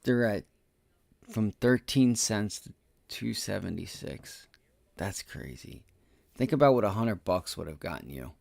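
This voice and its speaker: A man hosting a live day-trading stream, talking through charts and swinging between low frustrated muttering and loud swearing outbursts. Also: animated, a little slow, gravelly, no echo, clean studio sound. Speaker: day trading livestream host.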